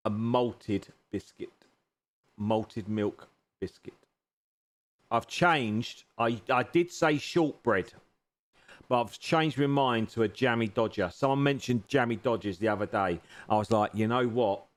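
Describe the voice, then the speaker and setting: Unhurried and medium-pitched, a man streams a racing game from his home sim racing rig. He teases and jokes with his chat, thanking viewers as he goes and sounding grateful for the conversation.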